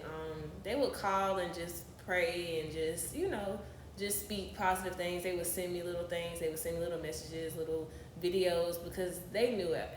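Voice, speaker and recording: A young woman, telling stories as a podcast guest in an animated, laughing way. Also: lowish voice. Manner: animated storytelling, laughs often. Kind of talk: casual interview chat. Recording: roomy podcast audio with faint hiss.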